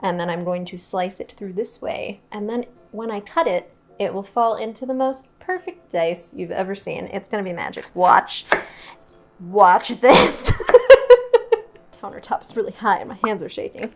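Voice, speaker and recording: A woman's voice: medium pitch, fairly quick. A young woman hosting a home cooking tutorial in a kitchen, chatty, playful and self-mocking, laughing often at her own slips. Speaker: cooking show host.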